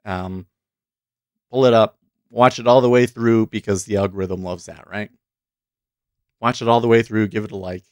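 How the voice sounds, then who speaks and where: Man, livestream host, low voice, dry close mic, chatty, murmurs to himself. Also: fairly even intonation, moderate pace, long pauses, a little mellow, smooth, dry recording. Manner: thinking aloud, murmuring to himself between remarks; chatty, talks directly to viewers. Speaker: livestream host and day trader. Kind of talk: casual live commentary.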